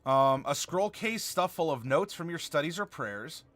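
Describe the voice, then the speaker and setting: A man's voice: fairly high pitch, expressive, a little slow, a bit bright, dry recording. A man hosting a live stream, chatting casually and answering viewer comments while he builds a game character. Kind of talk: casual livestream chat.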